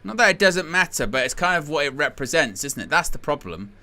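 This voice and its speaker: A man's voice: fairly high pitch, big pitch swings, brisk, pushed and bright. A man hosting a live football watch-along, talking in a sarcastic, exasperated way. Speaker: host.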